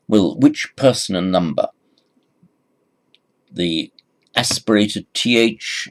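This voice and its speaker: Slow, patient male Sanskrit teacher. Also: lowish voice. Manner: slow, patient, repeats each phrase for the learner. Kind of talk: recorded language lesson.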